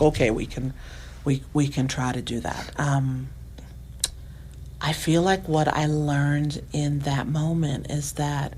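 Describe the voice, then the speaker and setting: A middle-aged woman guest on a podcast, telling a deeply personal story in a soft voice that sometimes sinks to near-whispers. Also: gravelly, slight background noise, rough recording. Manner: soft-spoken, drops to near-whispers at tender moments.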